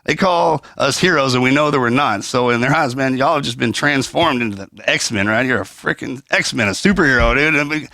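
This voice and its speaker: A man co-hosting a podcast, talking in an animated, slangy, casual way. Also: medium pitch, a little fast, hardly any pauses, no room sound. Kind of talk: casual chat.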